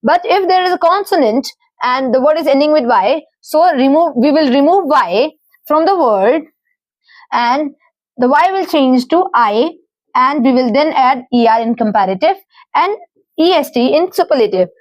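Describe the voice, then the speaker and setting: A woman's voice: high-pitched, lively intonation, normal speed, dry recording, dull audio. A woman with an Indian English accent, teaching grammar rules and patiently spelling out word forms.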